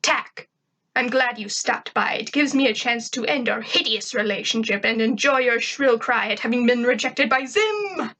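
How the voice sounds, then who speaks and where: A woman voicing an arrogant male alien invader who talks in a pompous, shouting way. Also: a little high, animated, moderate pace.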